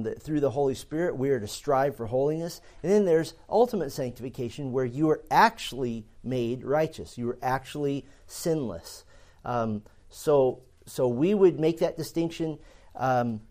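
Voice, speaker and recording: This theology teacher speaks at a medium pitch with a slightly mellow tone. Lecturing to a class in an earnest, explanatory manner, he leans on many fillers, restarts phrases, and repeats words while working through his thoughts.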